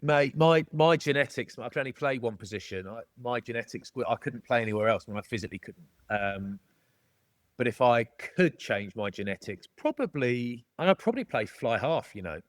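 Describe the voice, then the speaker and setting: A man's voice: medium pitch, expressive, moderate pace, dry recording, studio quality. A middle-aged Englishman with a jokey, matey manner, chatting casually as a podcast guest. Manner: jokey, matey, calls people mate. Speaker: podcast guest, former rugby player. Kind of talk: casual storytelling chat.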